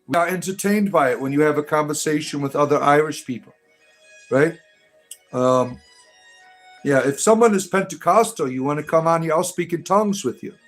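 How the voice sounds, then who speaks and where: A man's voice: fairly high pitch, animated, normal speed, soft background music. Combative man ranting on a livestream. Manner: combative, mocking, repeatedly says "right?". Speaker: livestream host. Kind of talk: livestream chat reading.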